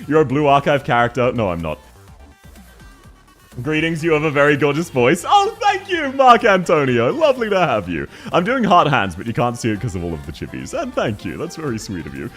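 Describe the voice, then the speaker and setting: A man chatting casually on a livestream, excitable and quick to laugh, talking fast and loud when worked up. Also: mid-range voice, breathy edge, soft background music. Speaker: streamer.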